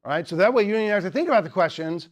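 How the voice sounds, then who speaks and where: A man's voice: high voice, animated, very fast, highs cut off. A young man teaching a student club in a humorous lecture, teasing the audience and chatting with lots of fillers. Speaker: teacher giving a talk.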